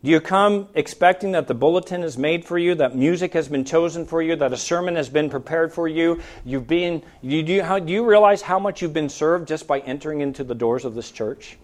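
A male pastor preaching a sermon in a church, firing rhetorical questions and swinging between loud emphasis and soft, low asides. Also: brisk, hardly any pauses.

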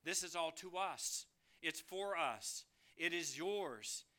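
Pastor guy preaching, bright ringing tone, calls people beloved, asks the room questions. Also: lively intonation, takes it slowly. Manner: preaching with emphatic rises and soft low drops; addresses listeners as beloved, asks them questions. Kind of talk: sermon.

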